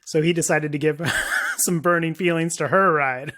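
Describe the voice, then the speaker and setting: A man's voice: a little high, steady tone, normal speed, bright, forceful tone. A man from Canada chatting casually on a podcast, rambling and joking with lots of fillers. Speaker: podcast co-host.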